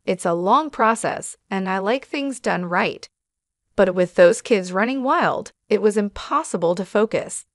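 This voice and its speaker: A woman reading a first-person story aloud as narrator, in a steady, even storytelling manner. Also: medium pitch, a little slow, no echo, clean studio sound.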